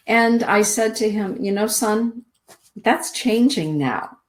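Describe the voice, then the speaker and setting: A middle-aged woman hosting a spiritual show, reading oracle cards aloud in a soothing, deliberate way. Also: mid-range voice. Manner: slow, soothing, deliberate delivery with drawn-out words. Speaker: host giving oracle card readings.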